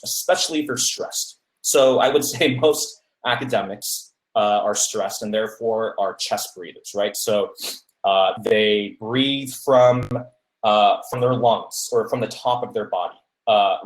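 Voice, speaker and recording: A man hosting a podcast, casually giving public speaking advice and often checking in with "right?". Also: lowish voice. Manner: many fillers and restarts, asks "right?" often. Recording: roomy echo.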